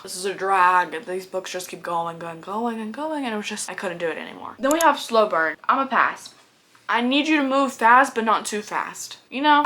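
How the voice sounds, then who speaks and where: A woman's voice: mid-range voice, a bit bright, slight background noise. A young woman who vlogs about books, chatting casually about what she loves and hates, playful and opinionated. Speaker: book vlogger.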